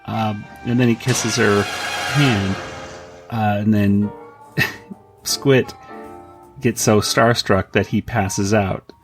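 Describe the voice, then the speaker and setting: A podcast co-host with a fairly low, evenly intoned voice speaks extremely slowly with long pauses over music. He casually recaps a comic with many fillers, acting out the characters' lines in raised voices.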